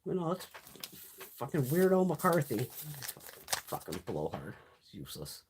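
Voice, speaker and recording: A woman's voice: very deep voice, wildly swooping pitch, measured pace, noisy background. A woman hosting a casual live stream chat, ranting with frequent swearing and laughing often. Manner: profane, ranting, exasperated.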